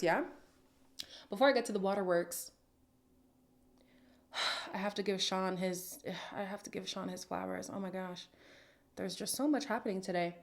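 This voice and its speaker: A woman's voice: mid-range voice, creaky, a little mellow. A woman hosting a reality TV recap who reacts in a sassy, dramatic way, with sighs and sudden whispers. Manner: sassy and opinionated. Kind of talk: casual reaction commentary.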